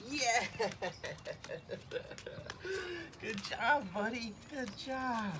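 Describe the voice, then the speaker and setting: Male dog trainer, vlog. Slow, lively delivery that jumps to high praise; voice distant from the mic with clear background noise. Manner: bursts of high excited praise for a puppy between calm asides. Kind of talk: casual training vlog talk.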